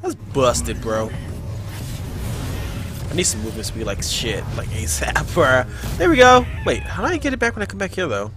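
A young man giving casual, profane, excitable commentary while playing a video game. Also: mid-range voice, moderate pace. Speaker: gamer. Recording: game music behind voice.

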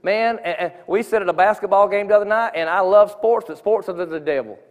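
A high-voiced man talks a little fast while giving a heartfelt, informal testimony in a church sanctuary. The long reverb of the hall colors the recording, and he often begins his sentences again.

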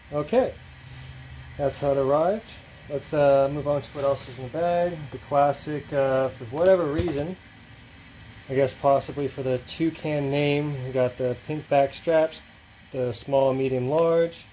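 A man's voice: mid-range voice, warm tone, a little hiss or hum, poor audio. A man hosting his own channel, talking casually and rambling through an unboxing with lots of fillers and restarts. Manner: rambling, filler-heavy, offhand. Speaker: channel host.

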